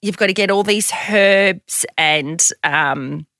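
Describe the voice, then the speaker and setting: Woman guest spinning a funny story, bright voice, acts out every quote, dry close sound. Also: mid-range voice, slow, no room sound. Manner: animated storyteller, acts out quotes, laughs often. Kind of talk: casual podcast chat.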